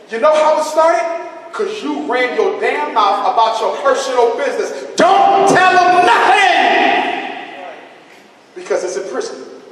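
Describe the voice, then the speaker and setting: A man in his forties lectures with emphatic, preachy repetition, driving each point home. His voice sits high for a man and booms around a large reverberant hall. The mic is far off, with faint noise behind him. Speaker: school psychologist lecturing. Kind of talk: public lecture.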